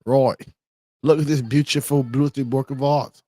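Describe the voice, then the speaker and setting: A man's voice: mid-range voice, fairly even intonation, moderate pace, dark tone, voice pushed up, natural voice. A man putting on a cheeky mock British bloke. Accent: put-on British. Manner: exaggerated, mocking impression.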